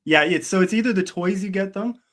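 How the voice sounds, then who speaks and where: A man from Canada with a somewhat high voice chats as a guest author over a video call. He tells stories animatedly, tripping into stammers and restarts as he goes. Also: brisk, fairly bright tone. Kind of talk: casual chat.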